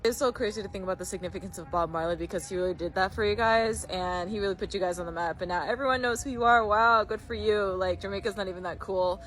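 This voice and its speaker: A woman's voice: medium pitch, fast talker, hardly any pauses, fairly bright tone. A woman talking casually in a dismissive, mocking way. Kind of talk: casual opinion talk.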